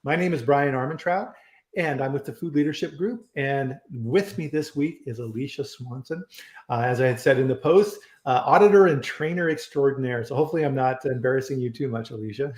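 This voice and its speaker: A man's voice: mid-range voice, fairly quick, darkish tone. Chatty male live-stream host, echoey room. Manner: chatty, rambling, frequent restarts and fillers. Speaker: host of a live online food safety chat. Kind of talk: casual live-stream chat. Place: home in Colorado. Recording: roomy echo.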